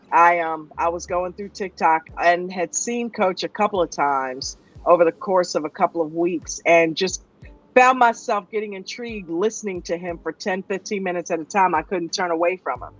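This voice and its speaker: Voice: mid-range voice, a bit bright. A host in casual chat, telling stories in a chatty way and often checking in with "you know what I mean". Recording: dull lo-fi sound.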